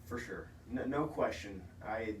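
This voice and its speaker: A man's voice: on the low side, a little slow, roomy sound, far from the mic, a little hiss or hum, low-quality recording. A man co-hosting a casual food podcast, telling stories with enthusiasm and laughing easily. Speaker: podcast co-host. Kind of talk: casual chat. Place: office.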